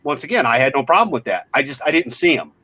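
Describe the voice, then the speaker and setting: A man in his forties with a mid-range voice talks fast, retelling a story in casual chat with blunt, animated delivery and plenty of swearing. The recording is dry.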